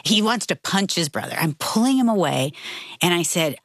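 A woman's voice: fairly low pitch, expressive, moderate pace, no room sound, studio quality. A woman, a mother, telling a family story animatedly in a casual podcast chat. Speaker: co-host.

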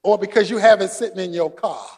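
A man preaching a sermon, shouting for emphasis and joking with his congregation. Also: high voice, fast talker, slightly rough. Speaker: pastor.

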